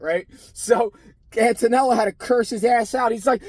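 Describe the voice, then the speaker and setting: Middle-aged ex prison sergeant guy rambling and cussing, kinda high voice, dry close sound. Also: a little fast, no echo. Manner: rambling, profane, blunt. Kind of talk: casual profane rant to camera.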